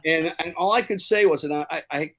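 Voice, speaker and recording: A man's voice: on the high side, fairly quick, fairly bright tone. A man from Chicago, a musician guest, telling stories in a casual interview with many fillers and restarts.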